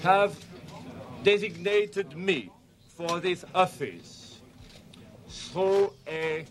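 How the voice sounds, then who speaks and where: A man from France reading a formal speech in a slow, deliberate, solemn way. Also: high-pitched.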